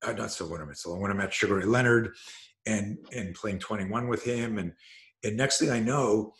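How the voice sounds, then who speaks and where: A man from Canada telling a story on a video call, lively and swearing, acting out what people said. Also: on the low side, a little fast. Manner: animated, swears, acts out quoted speech. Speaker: self-defense coach and host.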